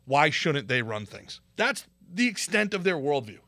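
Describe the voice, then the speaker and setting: A male host delivers political commentary in a sarcastic, animated rant. His voice sits a bit high and has a bright, sharp edge. The recording is dry and close, with no room sound. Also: unhurried, no room sound. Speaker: show host.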